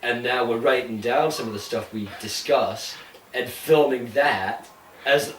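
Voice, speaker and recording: A man's voice: mid-range voice, a little slow, a bit bright, a little hiss or hum. A man co-hosting a podcast in a put-on Canadian accent, rambling in casual chat with easy swearing and frequent laughter. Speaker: podcast co-host. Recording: roomy room, distant mic, faint ambience.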